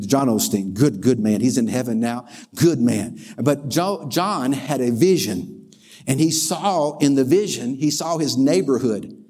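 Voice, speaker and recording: A male preacher giving a lively sermon, calling out for amens and having the congregation repeat after him. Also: mid-range voice, in a large hall. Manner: energetic, calls for amens and responses.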